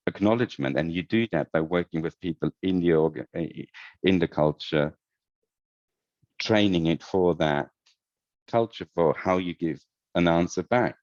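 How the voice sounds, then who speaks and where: A man with a very deep voice answers interview questions, circling back and repeating words as he thinks aloud. The audio is dull and lo-fi, with a dry, close sound and no room around it. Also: a little mellow, no room sound. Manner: thoughtful, many restarts and repeated words. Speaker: guest, head of user experience. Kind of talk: conversational podcast interview.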